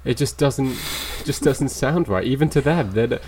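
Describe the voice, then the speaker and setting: A man's voice: medium pitch, unhurried, darkish tone, slight background noise. A young British man on a podcast, teasing his friends with jokey banter in casual chat. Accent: British English.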